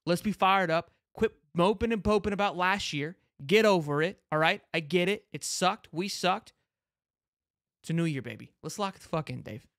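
A man's voice: sits high, animated, normal speed, a bit bright, no room sound, studio quality. A man hosting a sports podcast in casual, fired-up fan talk, brash and swearing, piling on "like" and restarts.

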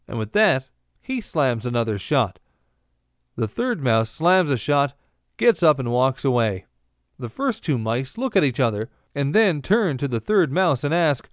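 A man reads scripted bar tricks and jokes in a deadpan way, though his pitch moves a lot. The recording is dry and close. His pitch sits in the middle. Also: a little slow, no echo. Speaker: bartending instructor. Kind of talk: scripted instructional narration.

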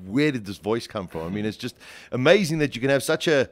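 A man's voice: medium pitch, lively intonation, fast, no echo. A man hosting a radio interview, asking long, rambling questions with plenty of enthusiasm. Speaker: radio host.

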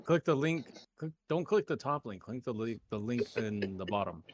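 A man's voice: medium pitch, animated, moderate pace, slight background noise. A man guesting on a podcast, chatting casually and directing the others. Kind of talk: casual chat.

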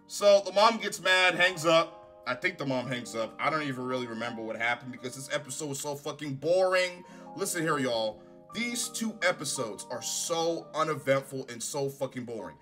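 Man, casual rant review, profane, sarcastic, crisp bright voice. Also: mid-range voice, animated, moderate pace, faint music behind. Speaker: TV show reviewer. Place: home recording setup with green screen.

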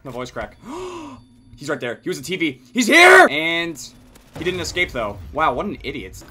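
A young man hosting a gaming channel, giving casual, profane gameplay commentary with lots of yelling and laughing. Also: a little high, fairly quick, a little hiss or hum. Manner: excitable, profane, yelling and laughing during play.

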